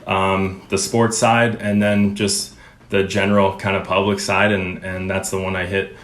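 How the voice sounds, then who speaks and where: A man from Alberta, Canada, a nutrition coach talking as a podcast guest, relaxed, often clearing his throat and tagging "right?". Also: low voice, a little slow, reverberant. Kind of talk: casual interview chat.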